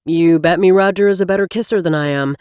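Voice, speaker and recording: A woman narrator voicing a cocky, sarcastic young doctor in her own lower register. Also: quick pace, a little mellow, smooth, no echo, natural voice. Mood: teasing. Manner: dry, teasing delivery.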